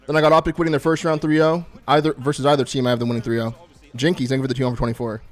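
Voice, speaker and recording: A young man streaming live, talking in a relaxed, profane way while thanking his subscribers. His voice sits at an ordinary middle pitch. Faint music plays underneath. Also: racing. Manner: laid-back, profane, constantly thanking subscribers. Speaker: streamer hosting a watch party. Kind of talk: casual live-stream chat.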